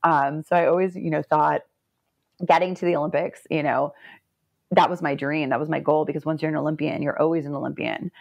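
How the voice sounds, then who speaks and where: A woman's voice: sits low, brisk, creaky, dry recording. A woman in her forties from the United States, a former Olympic swimmer, telling stories in a podcast interview, laughing often and acting out what people said. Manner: animated, laughs often, acts out quotes.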